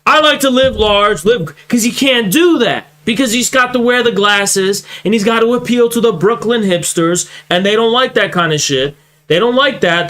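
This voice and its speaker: Loud, mocking, heated young man. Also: high-pitched. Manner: mocking, swearing, growing heated. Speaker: political streamer reacting to clips. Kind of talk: profane reaction commentary.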